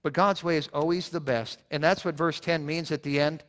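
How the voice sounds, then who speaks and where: Speaking at a moderate pace with fairly even intonation, a male pastor delivers an earnest sermon in a church sanctuary. His voice is a little high and fairly bright, and the recording carries long church reverb. He repeats points for emphasis and often restarts his words.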